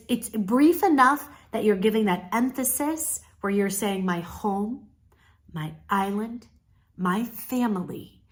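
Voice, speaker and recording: Woman coaching on camera speaking. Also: medium pitch. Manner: encouraging, coaching tone. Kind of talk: casual video commentary.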